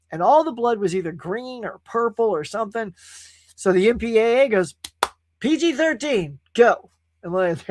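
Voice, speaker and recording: A man hosts a casual livestream and reads out viewer comments as they come in. His talk is animated, with big swings in pitch and frequent laughs. The sound is dry and close to the mic. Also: dry recording. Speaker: host. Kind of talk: casual live-stream chat.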